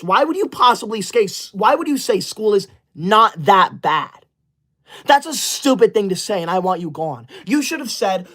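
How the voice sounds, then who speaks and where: A high-pitched, slightly bright voice belongs to a man doing a full character voice. He's a smug, bossy young teacher's-pet livestreamer in a comedy skit, indignantly and self-righteously scolding the people watching.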